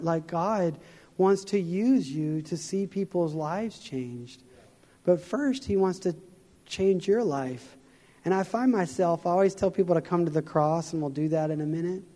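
A man's voice: high voice, warm tone. Earnest man preaching in an echoing hall. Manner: conversational storytelling, earnest. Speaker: guest speaker. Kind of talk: sermon. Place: church.

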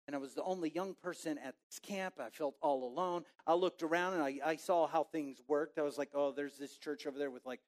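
A man in his forties from Texas, preaching a sermon through a lively personal story and acting out his own inner voice. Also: fairly high pitch, a little fast, hardly any pauses. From Texas, USA. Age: 40s.

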